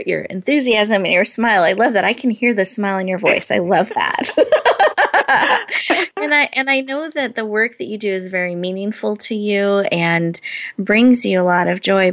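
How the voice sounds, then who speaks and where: A woman hosting an interview podcast, gushing and enthusiastic, laughing often. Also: mid-range voice. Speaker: podcast host.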